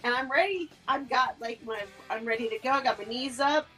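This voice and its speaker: Husky woman telling profane stories. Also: high voice, brisk, bright, forceful tone, soft background music, low-quality recording. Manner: laughing, profane storyteller. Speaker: podcast co-host. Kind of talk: casual chat.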